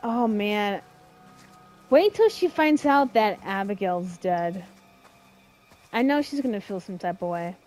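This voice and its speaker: A woman's voice: mid-range voice, expressive, slow, long pauses, darkish tone, faint music behind, rough recording. A woman streamer giving chatty, reactive let's-play commentary and swearing casually as she plays. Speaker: gameplay streamer.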